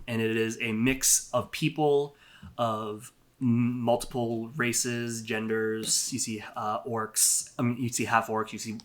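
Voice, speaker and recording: A man running a tabletop fantasy game, with a bright, forward voice. He narrates loosely, restarting sentences and filling pauses as he goes. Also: on the low side. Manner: rambling, many fillers and restarts. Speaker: dungeon master.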